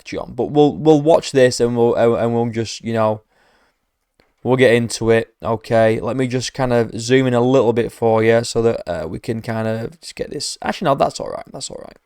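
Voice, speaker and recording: Male MMA reaction host, mocking and sarcastic, swears freely, mid-pitched voice, dry close recording. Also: a little mellow, clear, resonant tone, dry recording. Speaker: MMA commentator reacting to a trailer. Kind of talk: profane reaction commentary.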